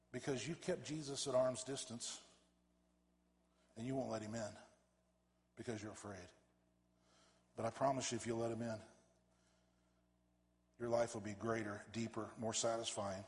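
A man, a pastor, preaching a fervent sermon that swells to loud emphatic peaks and drops back low. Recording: reverberant church hall.

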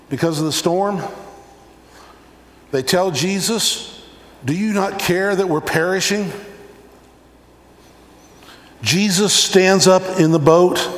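A male pastor preaching a sermon, telling stories and acting out little scenes along the way. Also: a little high. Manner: animated storytelling, acting out examples. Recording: echoey hall.

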